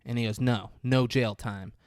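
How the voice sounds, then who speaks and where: A man's voice: fairly even intonation, moderate pace, a little mellow, clear, resonant tone, no room sound. Male podcast host, loose profane movie recap, jumps into character voices, dry close sound. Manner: rambling, profane, acts out quotes with big pitch jumps. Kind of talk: casual movie recap chat.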